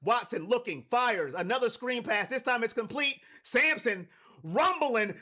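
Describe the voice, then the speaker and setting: A man's voice: very high-pitched, lively intonation, moderate pace. A man from Cleveland hosting a live watch party stream, calling plays and talking to his chat. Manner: hypes chat, shouts on big plays.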